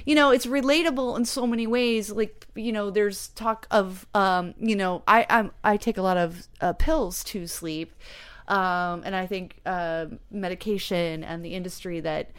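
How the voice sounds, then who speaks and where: A woman chatting as a guest about the stage show she created, rambling and animated. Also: mid-range voice, unhurried, smooth. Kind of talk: casual interview chat.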